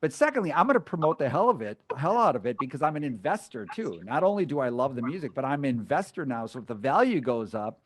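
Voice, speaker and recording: A man's voice: mid-range voice, sing-song, fast, few pauses, slight background noise. A man hosting an interview, talking enthusiastically with strong emphasis and frequent restarts. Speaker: interview host. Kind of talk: conversational interview.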